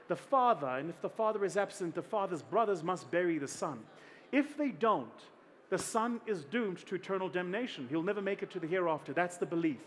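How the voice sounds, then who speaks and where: A middle-aged South African man giving a keynote, telling a story in an animated, humorous way. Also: high-pitched, slight background noise. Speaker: keynote speaker.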